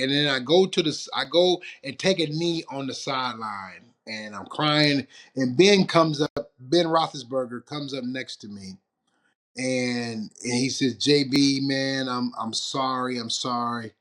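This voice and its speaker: A man from Detroit, a retired football player, telling stories as an interview guest, acting out the quoted lines and laughing often. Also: mid-range voice. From Detroit, USA. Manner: animated storyteller, acts out quotes, laughs often. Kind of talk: storytelling interview.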